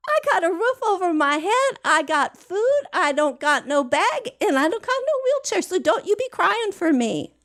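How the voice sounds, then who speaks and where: A woman's voice: very high-pitched, big pitch swings, moderate pace, few pauses, fairly bright tone, voice pushed up, exaggerated voice. A woman voicing a poor, devout middle-aged woman who scolds emphatically and uses nonstandard grammar. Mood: insistent.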